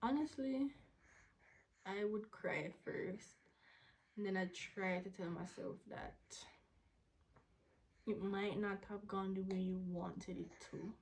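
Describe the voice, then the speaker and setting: A young woman, answering viewer questions in a candid, casual vlog, sometimes dropping into a soft whisper. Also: medium pitch, fairly even intonation, slow pace, vocal fry, low-quality recording. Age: young adult. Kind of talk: casual Q&A to camera.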